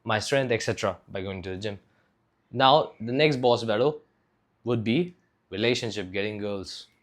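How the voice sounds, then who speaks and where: A man's voice: lowish voice, normal speed. A young man from India talking casually to camera as a fitness vlogger, rambling loosely with lots of filler words and swearing.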